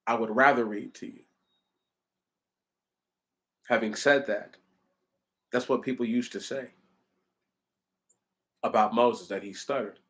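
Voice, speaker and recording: A man's voice: mid-range voice, steady tone, takes it slowly, long pauses, fairly bright tone. A man reading the Bible aloud and explaining it in an earnest, candid, conversational way. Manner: once stuttered. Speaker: preacher.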